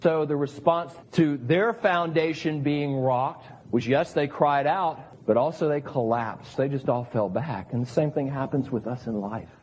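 A man's voice: mid-range voice, measured pace, few pauses, a little mellow, a little hiss or hum. A middle-aged man, a pastor, preaching an earnest sermon and acting out the voices of the people he quotes. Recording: long hall reverb.

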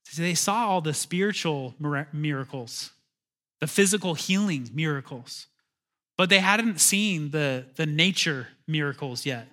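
A man preaching in a church in a chatty, animated way, often breaking off mid-sentence and chuckling to himself. His voice is fairly high and bright, almost tense at times. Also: measured pace. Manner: conversational, animated, self-interrupting, chuckling asides. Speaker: pastor. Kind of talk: sermon.

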